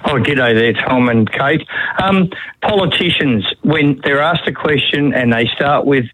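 A man's voice: medium pitch, measured pace, fairly bright tone, breathy edge, no echo, rough recording. A man with an Australian accent calling a radio show, wry and dry-humoured. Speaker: caller.

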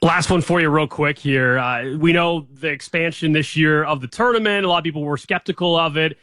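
A man co-hosts a sports chat with a slightly higher voice. He keeps his questions brisk and moves the talk along. The sound is dry and close, with no room echo. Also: pushed and bright.

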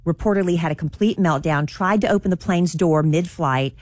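Low-voiced woman dishing gossip. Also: brisk, darkish tone. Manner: chatty, gossipy storytelling. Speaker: radio show entertainment news reporter. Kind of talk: morning radio show banter.

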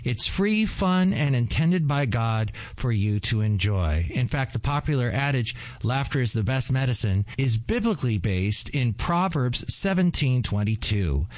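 A man's voice: medium pitch, big pitch swings, a little slow, darkish tone, dry recording. A man announcing on a radio ministry program in a friendly, conversational way.

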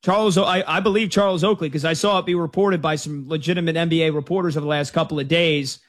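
A man hosting a sports talk radio show, chatting about games and taking calls in a casual, lively way. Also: fairly high pitch, fast talker. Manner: conversational, lively storytelling.

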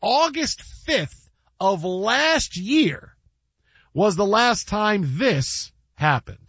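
A man co-hosting a casual sports talk show, animated and joking, jumping between tangents. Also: sits high, drawn-out words, breathy edge, no room sound, highs cut off. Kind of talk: casual sports radio chat.

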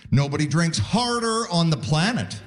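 A man doing a stand-up comedy set on a club stage into a handheld mic, in chatty, self-deprecating storytelling with sudden pitch jumps. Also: expressive, moderate pace. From Canada. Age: 40s.

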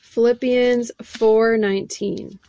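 A woman's voice: fairly high pitch, fairly even intonation, slow pace, dark tone, dull audio, slight background noise. A woman preaching a sermon, reading scripture and speaking earnestly and emphatically straight to her listeners.

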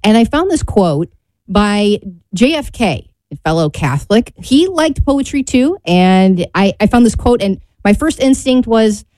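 A woman's voice: medium pitch, big pitch swings, a little slow, a little mellow, dry recording. A woman co-hosting a radio show, chatty and lighthearted in casual talk. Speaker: radio co-host. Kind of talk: casual chat.

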